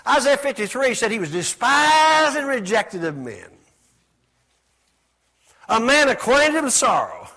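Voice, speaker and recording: A man delivers a call-and-response sermon, having the congregation repeat words after him as he swings between loud exclamations and soft asides. His voice is very high and sing-song, a little slow, with frequent pauses.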